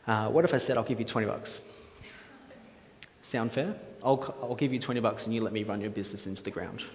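A man's voice: on the low side, quick pace, slight background noise. A man preaching a casual sermon in a church hall, chatty and jokey, quizzing the audience with questions. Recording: echoey hall with faint ambience.

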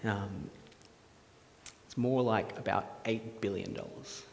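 A man's voice: lowish voice, steady tone, slow pace, gravelly, slight background noise. A man preaching a casual sermon in a church hall, chatty and jokey, quizzing the audience with questions. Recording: echoey hall with faint ambience.

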